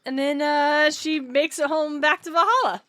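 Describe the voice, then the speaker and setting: A woman co-hosting a podcast, retelling a book in a quick, animated way with frequent laughs. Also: sits high, no room sound, studio quality. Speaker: podcast co-host. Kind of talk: casual book discussion.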